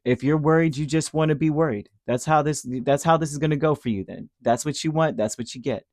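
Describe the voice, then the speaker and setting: A man's voice: fairly high pitch, a little fast, darkish tone, no room sound, clean studio sound. A man giving a casual, rambling tarot reading, who acts out little voices as he talks. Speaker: tarot reader.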